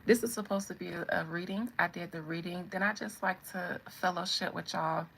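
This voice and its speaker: A woman's voice: fairly low pitch, steady tone, a little fast, gravelly, a bit bright, slight background noise, low-quality recording. A woman in her thirties with a Southern American accent, chatting to viewers in a sassy, teasing way. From Southern United States. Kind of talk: casual chat to viewers.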